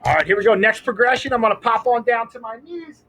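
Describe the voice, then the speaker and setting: A man's voice: extremely high pitch, lively intonation, fast, pushed and bright, rough recording. A young adult man coaching kids through a ball game outdoors at a school, upbeat and counting catches aloud. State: out of breath.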